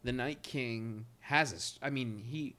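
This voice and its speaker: A man's voice: mid-range voice, measured pace, pushed and bright. A man talking casually on a podcast, rambling with restarts and casual swearing. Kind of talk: casual chat.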